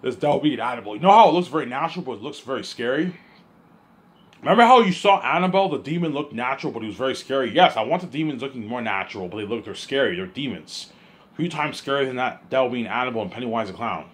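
A young man vlogging in a loose, rambling monologue at a mid-range pitch. He trips over repeated words and keeps asking whether the listener follows. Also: expressive, fast.

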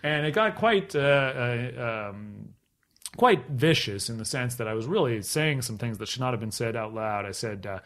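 Animated Canadian man telling stories. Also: medium pitch, moderate pace. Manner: animated storyteller who acts out quoted voices and laughs often. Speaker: podcast guest. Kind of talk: casual anecdote telling.

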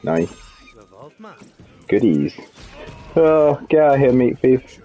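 A man's voice: medium pitch, sing-song, slow pace, warm tone, faint music behind. A man streaming a co-op shooter, giving casual, sardonic commentary and swearing freely at the game. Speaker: streamer playing in co-op. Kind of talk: casual gameplay commentary with party chat.

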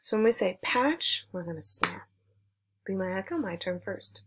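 A woman's voice: medium pitch, lively intonation, moderate pace. Upbeat woman music teacher. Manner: clear, encouraging, leads call-and-response chants. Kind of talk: online music lesson for children.

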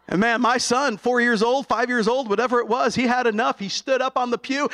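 A middle-aged man preaching an impassioned sermon, going from hushed to shouting. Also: extremely high pitch, steady tone, brisk, hardly any pauses, clear, resonant tone. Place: college chapel.

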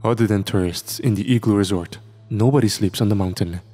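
A man's voice: on the low side, a little fast, warm tone, husky, long reverb tail, faint music behind. A man voicing a burly male expedition foreman who speaks curtly and firmly. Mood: gruff. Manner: curt, firm.

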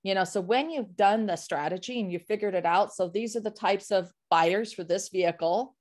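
A woman sales coach talks as a guest in a casual interview, in an animated and emphatic way. She illustrates her points with vivid everyday examples and repeats words for stress. Her voice is mid-pitched. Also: moderate pace.

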